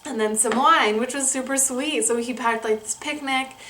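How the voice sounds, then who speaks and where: Bubbly young woman, slightly high voice. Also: moderate pace, bright, forceful tone, a little hiss or hum. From Canada. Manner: bubbly and gushing, laughs often. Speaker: vlogger. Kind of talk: casual storytelling to camera.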